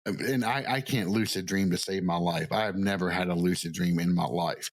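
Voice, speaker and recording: Male podcast host, lower voice, dry close sound, chatty and animated storyteller. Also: fairly quick, dry recording, poor audio. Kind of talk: casual podcast chat.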